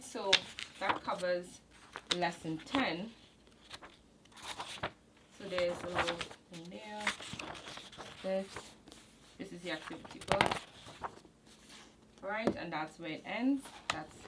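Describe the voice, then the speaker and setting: A woman's voice: fairly low pitch, background noise. A woman hosting a homeschool channel, walking through a curriculum manual in a casual, explanatory way with fillers and self-corrections.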